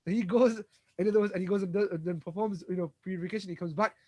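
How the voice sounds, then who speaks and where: This Islamic lecturer speaks very fast in a high-pitched, slightly mellow voice with fairly even intonation and no room sound. Telling a religious story, he dramatizes the events and voices the dialogue, with frequent restarts and repeated words.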